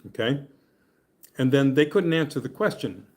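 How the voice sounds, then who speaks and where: A man's voice: mid-range voice, expressive, normal speed, darkish tone. A man leading a Bible study class, reading scripture aloud and explaining it in a chatty, joking way. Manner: chatty and joking, often laughing and checking in with "okay?".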